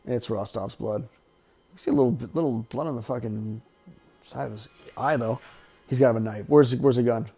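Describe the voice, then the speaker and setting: A man's voice: medium pitch, moderate pace, vocal fry, pauses often, mellow, husky, soft background music. A man hosting a podcast, giving casual, wisecracking, profanity-laden commentary while watching a movie. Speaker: podcast host. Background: faint film soundtrack.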